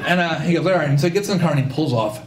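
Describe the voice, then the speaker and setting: A man's voice: a little high, rapid-fire, reverberant. A man performing a funny personal story at a live storytelling show, acting out the voices of the people in it. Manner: animated, acts out voices, audience laughter. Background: audience laughter.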